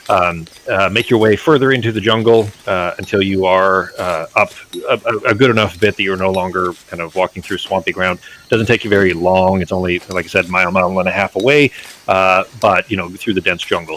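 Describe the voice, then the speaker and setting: Casting: low-voiced male game master, loose and rambling, faint hiss behind. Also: steady tone, fast, fairly bright tone. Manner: rambling, many fillers and restarts. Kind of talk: narrating a tabletop game.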